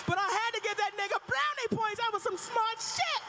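A woman stand-up comedian telling a profane story in a brash style with loud outbursts, on a live stage. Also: very high voice, a little fast, few pauses, background noise. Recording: reverberant live venue.

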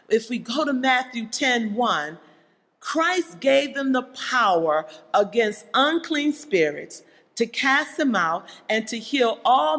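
Slow, questioning church preacher. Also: medium pitch, fairly bright tone. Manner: pointed rhetorical questions to the congregation. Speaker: church speaker. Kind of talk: sermon. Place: church sanctuary. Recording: long hall reverb in a church.

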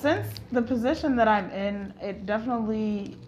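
A woman's voice: a little high, moderate pace, lo-fi sound, loud music behind the voice. A woman talking casually as a client, agreeing with the host and finishing her sentences. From Trinidad and Jamaica. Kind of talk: casual chat.

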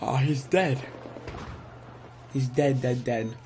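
A young man giving live commentary while playing a shooter game, excitable and swearing, sometimes saying he is tired. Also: mid-range voice, slow, soft background music. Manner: excitable, swears, yells at kills. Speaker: gaming streamer.

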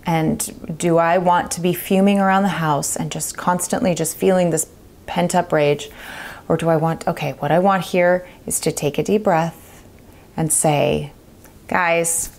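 A woman's voice: low-pitched, fairly even intonation, a little slow, a little mellow. Earnest woman giving parenting advice. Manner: earnest, emphatic, repeats key phrases. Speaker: parenting vlogger. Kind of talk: direct-to-camera advice talk.

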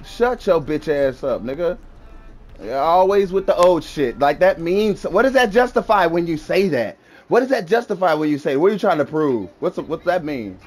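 A man's voice: a little high, expressive, moderate pace. A young man gaming and trash-talking an opponent over voice chat, taunting and mocking, repeating his insults over and over. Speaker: gamer.

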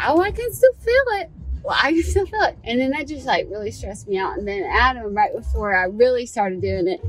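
A woman's voice: medium pitch, rough recording. A woman vlogging in a casual, chatty way, telling stories with animation. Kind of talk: casual vlog chat.

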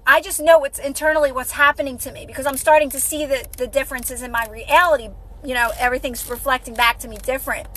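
A woman's voice: sits high, fairly even intonation, quick pace, hardly any pauses, sharp tone, rough recording. A woman hosting a casual motivational livestream, repeating herself encouragingly and greeting viewers by name. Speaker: livestream host.

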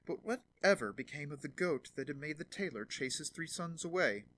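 Expressive man reading a fairy tale. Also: a little high, normal speed, a little hiss or hum. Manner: expressive storytelling. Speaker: narrator.

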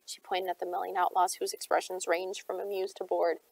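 A woman's voice: on the low side, flat delivery, fairly quick, gravelly, a little mellow, husky, dry recording, rough recording. A woman reading a novel aloud, narrating steadily as an audiobook reader.

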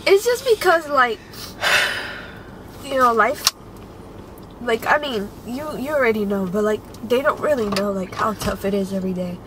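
A young woman on a couple's vlog, speaking in a tearful, halting way with many fillers. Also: mid-range voice, fairly bright tone, poor audio. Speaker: couple vlogger. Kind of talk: casual chat. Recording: clear background noise.

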